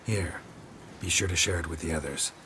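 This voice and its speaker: An actor playing a gruff, calm, middle-aged monster hunter in a video game, speaking in a low, gravelly, terse way. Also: male voice, moderate pace. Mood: gentle. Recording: game audio under gameplay noise.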